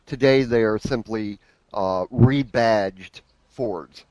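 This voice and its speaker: A man from the United States in casual podcast chat, chatty and quick to laugh. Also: on the low side, dry recording, rough recording. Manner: chatty, laughs often, lively storytelling.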